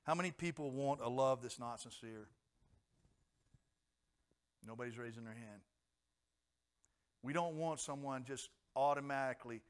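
A man's voice: medium pitch, normal speed, pauses often, clear, resonant tone. A middle-aged man preaching a sermon in a conversational way, asking the congregation questions and acting out voices. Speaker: pastor.

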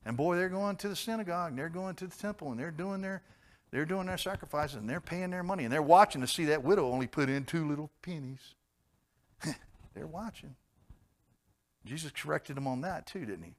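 A pastor preaching a sermon, swinging between loud, emphatic outbursts and quiet, gentle asides. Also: male voice, a little high, animated, quick pace.

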